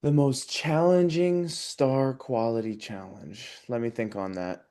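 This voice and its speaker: A young man in a relaxed interview, talking through his experience in an earnest, open way. His voice sits at an ordinary middle pitch, and he pauses and restarts as he gathers his thoughts. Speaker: interview guest, competition show contestant. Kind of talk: casual interview chat.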